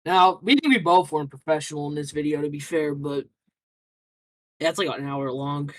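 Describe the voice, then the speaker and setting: A man's voice: a little high, moderate pace, rough recording. A young man answering interview questions casually, rambling through a story with lots of fillers and restarts.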